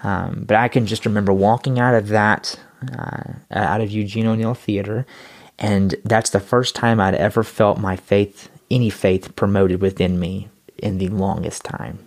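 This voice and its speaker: A man telling his own story in a casual interview, rambling and repeating words as he grows excited. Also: lowish voice, moderate pace, creaky.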